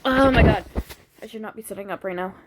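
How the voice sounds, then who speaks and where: A woman's voice: medium pitch, fast, noisy background. A woman who is sick, reading a detective game aloud with self-mocking asides and frequent stumbles over words. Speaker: gaming video creator. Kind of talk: casual game playthrough commentary.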